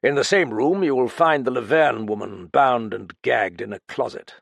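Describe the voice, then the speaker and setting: A man reading as a proud, aloof older gentleman with a harsh, stiff, formal way of speaking, in an audiobook. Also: medium pitch, normal speed, gravelly, no room sound, voice pushed up. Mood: cold, steady. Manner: clipped formal speech.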